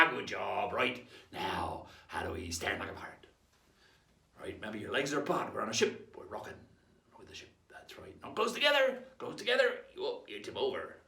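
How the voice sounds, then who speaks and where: A man with an Australian accent playing a pirate captain for kids, laughing often and leading call-and-response shouts in a playful lesson aboard a ship. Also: medium pitch, huge pitch swings, moderate pace, gravelly. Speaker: pirate-themed children's presenter. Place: aboard an old sailing ship in a harbour. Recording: echoey sound from a distant mic.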